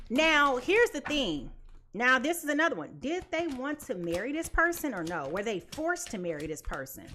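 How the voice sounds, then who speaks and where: High, lively woman reading tarot. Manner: blunt, emphatic, repeats her points. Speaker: tarot reader.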